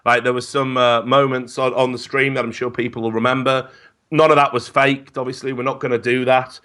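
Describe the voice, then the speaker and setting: Podcast guest: a man with a bright, sharp voice. Tells profane, lively stories. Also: mid-range voice, fairly quick. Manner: profane, animated storyteller. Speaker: esports commentator guest. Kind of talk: casual podcast chat.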